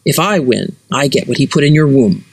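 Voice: mid-range voice, animated, fairly quick, no room sound. A narrator voicing a giant green troll princess, a woman who is mocking and fierce, in a dry, close audio story. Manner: mocking, demanding.

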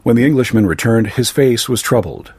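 A man reading a fantasy story aloud in a measured, even way. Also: medium pitch, breathy edge, dry recording. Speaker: narrator. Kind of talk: scripted story narration.

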